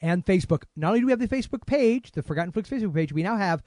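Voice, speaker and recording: A man's voice: high-pitched, expressive, rapid-fire, a little mellow, no room sound, clean studio sound. A man hosting a film podcast in casual chat, joking around and teasing callers. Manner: playful, breaks into joking song snippets. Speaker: podcast host.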